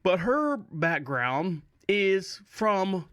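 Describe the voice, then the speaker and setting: High-voiced chatty Florida man. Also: animated, takes it slowly, pushed and bright, clear, resonant tone, no room sound, clean studio sound. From Orlando, Florida. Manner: chatty and upbeat, rambling asides with chuckles. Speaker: podcast host. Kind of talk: casual solo podcast chat.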